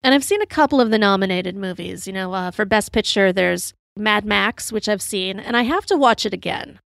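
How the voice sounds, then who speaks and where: A woman with a drawl hosts her own show and tells a rambling story full of "you know" fillers. She sounds a little tipsy from her drink. Her voice sits at a middling pitch and is recorded dry and close, with no room sound. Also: a little fast, gravelly, a bit bright, no echo. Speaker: podcast host. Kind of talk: casual storytelling monologue.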